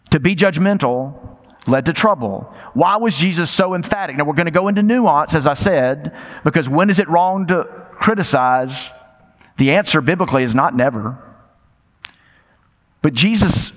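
An older man delivers a sermon in an emphatic, conversational way, firing rhetorical questions and repeating his key lines. His voice sits a little high for a man. The sound carries the long reverb of a large hall. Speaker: pastor.

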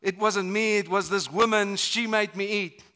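A pastor putting on a defensive Adam, his voice jumping far above its usual pitch and growing loud and indignant. He is a grown man who will not own up and points the finger instead. The tone stays bright and sharp throughout. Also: steady tone, moderate pace. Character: defensive adult man Adam shifting blame.

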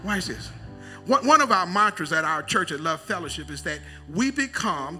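A middle-aged man preaching a sermon as a bishop, in call-and-response style, drawling key phrases slowly and building to loud emphatic cries. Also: on the high side, very animated, soft background music. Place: church sanctuary.

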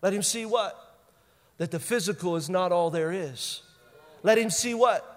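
A man with a high voice delivers a sermon as a pastor, and his voice rings with the long reverb of a large hall. He hammers home his points by repeating them. He swings from loud bursts to hushed intensity. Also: unhurried. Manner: emphatic, repeats key phrases for effect.

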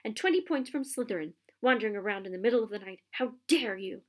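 A woman voicing a stern older woman professor who scolds loudly and sharply. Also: medium pitch, expressive, fast, close to an everyday voice. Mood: scolding.

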